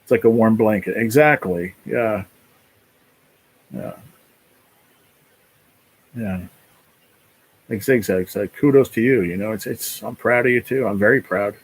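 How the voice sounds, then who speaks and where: A man's voice: lowish voice, measured pace, long pauses, husky, rough recording. A man hosting a casual live stream, talking in a rambling, emotional way, full of "you know", and close to tears. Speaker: livestream host.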